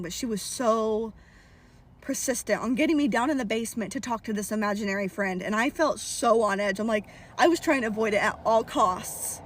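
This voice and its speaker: Excited higher-voiced woman telling a story. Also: moderate pace, a little hiss or hum. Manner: excited, acts out the child's voice. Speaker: party performer and psychic medium. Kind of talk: casual storytelling to camera.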